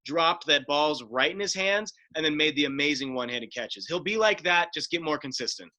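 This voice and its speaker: A man's voice: fairly high pitch, expressive, normal speed, sharp tone. A young man guest on a casual sports talk show, thinking aloud about picks and hesitating with fillers. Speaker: guest, mock draft participant.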